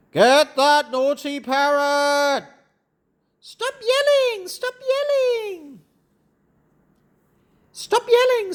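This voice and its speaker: Lively, very slow-reading woman. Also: very high-pitched. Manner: lively, exclamatory, slow and clear. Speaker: storybook reader. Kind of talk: reading a children's story aloud in voices.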